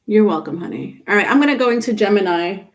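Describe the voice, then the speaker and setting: Speaking fast and expressively in a mid-range voice, a woman does a casual tarot reading for her viewers. Her delivery is chatty and instructive, full of fillers and restarts.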